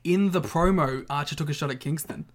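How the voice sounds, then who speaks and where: A man's voice: on the high side, brisk. A young man co-hosting a casual podcast, playful and enthusiastic as he chats. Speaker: podcast co-host. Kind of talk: casual chat.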